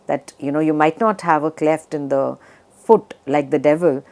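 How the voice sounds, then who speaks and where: A low-pitched woman lecturing on poetry in a measured academic way. She pauses often with small fillers and slows down to read lines of verse aloud. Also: dark tone. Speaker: literature professor.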